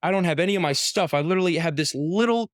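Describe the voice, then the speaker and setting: Animated young man telling a story. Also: fairly high pitch, racing, dry recording, clean studio sound. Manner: animated storyteller, heavy use of "like", acts out quotes. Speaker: professional baseball pitcher, guest. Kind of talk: casual storytelling interview.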